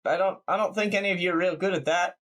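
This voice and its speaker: A man's voice: sits high, fast talker, fairly bright tone. Casual man game master. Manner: casual, rambling, many fillers. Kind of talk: narrating a tabletop game.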